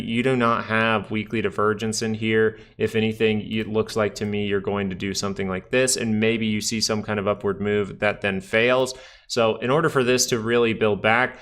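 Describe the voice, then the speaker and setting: Chatty man with a lowish voice, live market talk. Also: a bit bright. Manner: chatty, answers live chat, talks through charts. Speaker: stock market livestream host. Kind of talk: casual live-stream market commentary.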